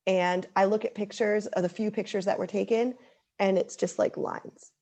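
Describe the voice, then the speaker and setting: A woman's voice: mid-range voice, steady tone, normal speed, mellow. A woman in her thirties speaking as an interview guest, earnest and heartfelt, with many likes and ums. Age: 30s. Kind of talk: casual interview chat.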